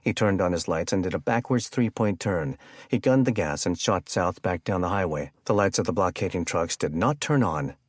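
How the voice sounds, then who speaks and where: Male audiobook narrator, deep voice, steady measured read, dry close sound. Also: no room sound. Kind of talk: scripted narration.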